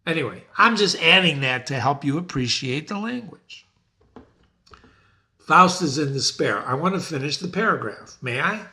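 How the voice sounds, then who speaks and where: A man in his sixties giving a literature lesson, asking his listeners many questions and reading quotes slowly. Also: a little high, lively intonation, gravelly, pushed and bright. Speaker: literature teacher. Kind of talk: lively literature lecture.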